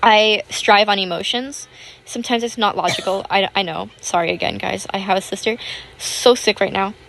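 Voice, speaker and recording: A young woman in her teens chatting casually, rambling with lots of fillers and a self-conscious, apologetic manner; her voice sounds a little rough. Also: mid-range voice, fairly even intonation, moderate pace, a bit bright, slight background noise. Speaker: YouTuber. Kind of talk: casual chat over gameplay.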